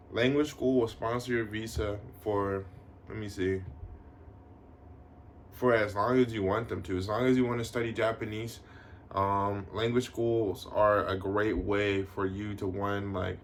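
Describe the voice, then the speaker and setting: A man's voice: on the low side, a little hiss or hum. A young man from the United States who lives in Tokyo, talking casually to his viewers in a loose, slangy way, with plenty of swearing and fillers like "you know what I mean.". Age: young adult. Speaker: vlogger. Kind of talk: casual vlog talk to camera.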